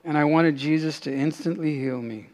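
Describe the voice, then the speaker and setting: A man preaching a sermon, earnest, dropping to a hushed voice in prayerful moments. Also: a little high, normal speed. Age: adult, father has passed away. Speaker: pastor.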